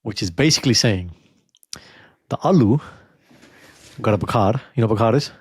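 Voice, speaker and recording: A man's voice: fairly low pitch, animated, normal speed, a little mellow, husky. A man co-hosting a podcast, chatting casually and playfully teaching words with jokes. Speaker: podcast co-host. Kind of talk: casual chat.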